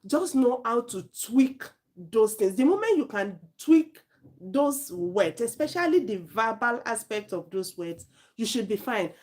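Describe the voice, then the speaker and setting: A woman with a Nigerian accent giving an informal spoken lesson as an IELTS tutor, chatty and animated, often correcting herself mid-sentence. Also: fairly high pitch, measured pace.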